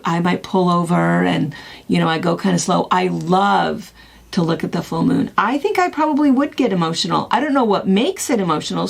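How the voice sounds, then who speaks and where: A middle-aged woman co-hosting a casual chat, telling stories in a rambling, animated way. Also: fairly low pitch, gravelly, husky. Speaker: co-host.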